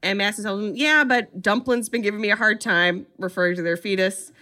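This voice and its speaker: Bright sarcastic woman recapping a film. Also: mid-range voice, a little fast. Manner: lively storytelling, acts out quotes, sarcastic asides. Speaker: podcast co-host recapping a film. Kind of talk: animated comedic film recap.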